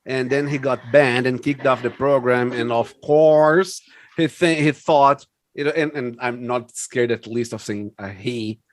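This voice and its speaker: A man's voice: mid-range voice, dry recording, clean studio sound. A man chatting casually on a podcast, often stammering and repeating words as he starts a sentence.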